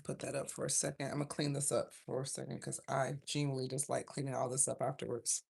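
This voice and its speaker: A woman's voice: extremely low pitch, level tone, quick pace, vocal fry, darkish tone, breathy edge. A woman giving a casual, rambling tarot reading on a livestream, often breaking off mid-thought. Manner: rambling, chatty, self-interrupting. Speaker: tarot reader.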